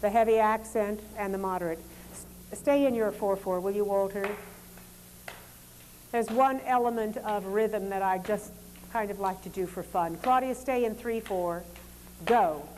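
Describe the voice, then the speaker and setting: A woman leading a lecture demonstration, giving calm, polite directions to dancers and explaining as she goes. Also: mid-range voice, measured pace, slight background noise. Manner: calm, instructive, polite commands.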